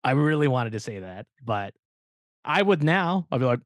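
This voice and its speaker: Animated storytelling man, dry close mic. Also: mid-range voice, normal speed, dry recording. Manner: animated storyteller, acts out quoted dialogue. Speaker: podcast host. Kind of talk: casual podcast chat.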